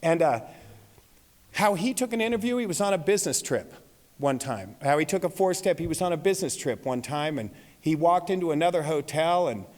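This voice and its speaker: A man's voice: fairly high pitch, lively intonation, a little fast, a little mellow. A man in his forties telling comic stories as a recovery meeting speaker, laughing at his own lines. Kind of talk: comic storytelling talk. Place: large convention hall. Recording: reverberant hall recording.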